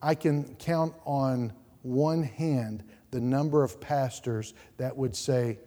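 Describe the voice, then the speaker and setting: A male pastor preaching a sermon in a church, repeating words and swinging from quiet asides to loud outbursts. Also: mid-range voice, steady tone, slow. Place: church sanctuary. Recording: reverberant church hall.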